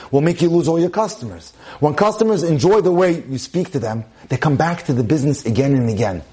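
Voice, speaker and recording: Male rabbi, fairly high-pitched, giving a Torah class on relationships in an emphatic style. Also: a little mellow. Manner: emphatic, repeats phrases for stress, drops in Hebrew terms. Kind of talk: relationship lecture.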